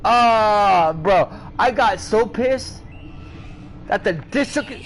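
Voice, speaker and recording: A man with a high-pitched voice spins a rambling, profane story while gaming, full of slang and repetition. He keeps circling back and building the heat, over a faint hiss. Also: expressive, extremely slow, poor audio. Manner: repeats himself and builds up heat. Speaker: gaming streamer. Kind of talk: casual storytelling while playing.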